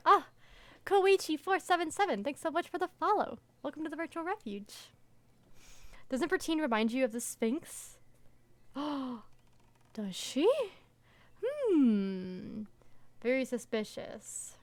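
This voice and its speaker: A woman's voice: high-pitched, big pitch swings, slow, pauses often. A woman streamer reading through a story game live, chatty and reacting to her chat. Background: background music.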